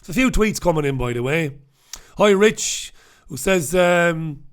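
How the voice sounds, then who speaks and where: A radio host from the north of England, ranting bluntly and swearing through a newspaper review, close to the microphone. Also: male voice, fairly high pitch, expressive, unhurried, smooth. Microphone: talking close into two microphones.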